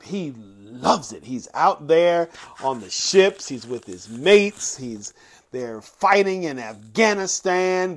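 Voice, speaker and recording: A man with a high voice hosts his podcast in a loose, casual monologue. He takes his time overall, stretching key phrases out slowly and punching them hard, then rushing through little asides. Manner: dramatic, swings from quick asides to slow drawn-out emphatic phrases. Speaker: podcast host.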